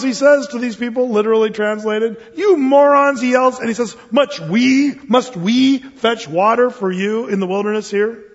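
A pastor with a high voice preaches a sermon, telling stories animatedly and acting out the voices of the people in them. The recording is muffled with long hall reverb.

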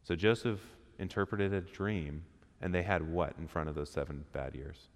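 A man's voice: low-pitched, fairly even intonation, moderate pace. A man giving an interactive sermon to a men's church group, conversational and asking the room questions. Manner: conversational, asks the room questions, acts out quotes. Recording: reverberant hall.

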